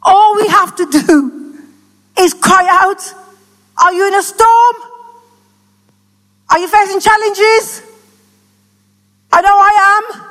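A woman preaching a passionate sermon that rises to shouts, recorded in an echoey church hall. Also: very high-pitched, slow pace, pauses often.

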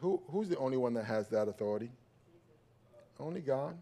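A male pastor preaching a sermon, calling out to his congregation and swinging from loud emphatic peaks to low quiet stretches. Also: expressive, a little fast. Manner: calls out to the congregation for response.

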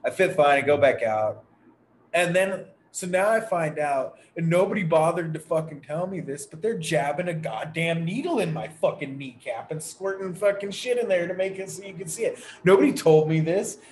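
A man's voice: a little high, animated, normal speed. A man on a podcast telling a long, profane, frustrated story in casual chat. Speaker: podcast co-host. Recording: echoey room with faint background noise.

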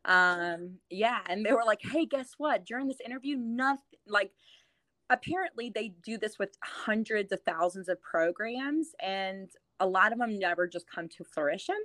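A woman's voice: medium pitch, animated, moderate pace, bright, forceful tone, no room sound. Chatty, giggly woman in a dry room. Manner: giggly, chatty storyteller with lots of fillers. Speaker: real estate agent and TV show host. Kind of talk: casual interview chat.

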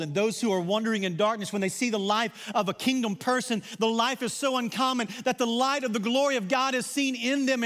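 Southern pastor preaching, high voice. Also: male voice. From Arkansas. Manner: conversational preaching with swings between loud emphasis and soft asides. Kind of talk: sermon. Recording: long reverb of a large hall.

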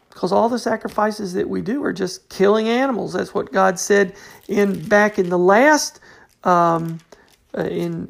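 Woman, Bible teacher, relaxed unscripted delivery, some fry in the voice. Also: medium pitch. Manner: conversational, fills with "you know", restarts often. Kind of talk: informal Bible study talk.

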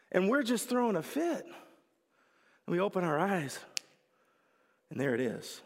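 A man's voice: sits high, big pitch swings, a little slow, long pauses. A young male pastor preaching a casual, joking sermon with lots of storytelling. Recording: reverberant hall.

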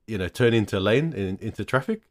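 A man's voice: on the low side, expressive, a little fast. A man in a casual podcast chat, telling family stories in an easygoing way with lots of fillers. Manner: easygoing storyteller with many fillers.

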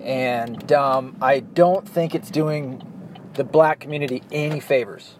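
Driving along, a blunt Southern man from Arkansas vlogs a profane monologue of his opinions. His voice sits in the mid-range, a little slow and a little mellow, with faint car and street noise in the background.

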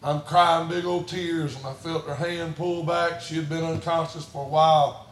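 Preaching pastor in an echoey church. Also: male voice, fairly high pitch, level tone, moderate pace, a little hiss or hum. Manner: swings from hushed storytelling to shouted preaching. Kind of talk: sermon. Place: church sanctuary.

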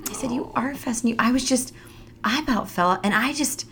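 A woman's voice: brisk, slight background noise. A woman in her thirties co-hosting a faith-based podcast, talking animatedly and acting out quoted voices. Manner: animated, acts out quoted voices with big pitch jumps. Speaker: podcast co-host. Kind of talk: faith-based casual conversation.

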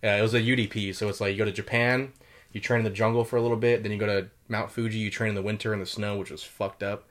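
A man's voice: lowish voice, flat delivery, a bit bright. A young man telling war stories in a casual chat, loose and full of fillers and swearing. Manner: swears a lot, quick and loose with many fillers. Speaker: podcast host telling military stories.

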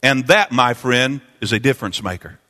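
A man preaching a sermon, impassioned and repetitive, climbing into sung, chanting peaks before dropping low. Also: normal speed, sharp tone. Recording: long hall reverb.

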